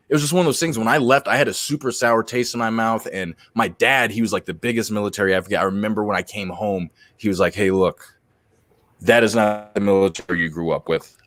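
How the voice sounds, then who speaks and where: A man, a comedian and podcast host, telling animated stories in casual chat, swearing and laughing often. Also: lowish voice, dry recording.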